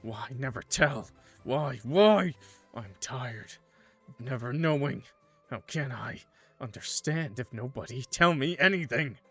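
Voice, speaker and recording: A man voicing a towering, submissive male clown monster in a game, speaking quietly in halting, broken phrases. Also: medium pitch, lively intonation, soft background music. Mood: pleading.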